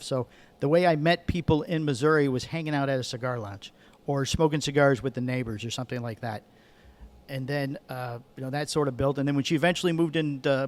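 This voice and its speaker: A middle-aged man from Michigan telling a rambling story as a podcast guest, correcting himself as he goes. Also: medium pitch. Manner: rambling, self-correcting, chatty. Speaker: guest, cigar sales manager. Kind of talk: casual storytelling.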